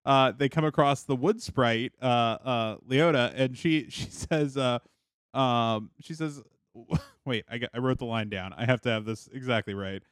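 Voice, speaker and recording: Man, podcast co-host, amused, mid pitch, dry close sound. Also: measured pace, clean tone, no echo. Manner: amused, laughs as he recounts. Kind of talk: casual podcast chat.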